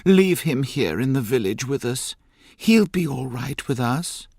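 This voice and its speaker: A distraught older village woman cries out in high, strained pleas, her voice swooping and tearful, as a male reader puts her on. Her words come slowly in a dry, close recording. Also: animated, gravelly, darkish tone, slightly rough, no room sound, exaggerated voice. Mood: pleading. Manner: pleading, crying out in high strained tones. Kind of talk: audiobook character reading.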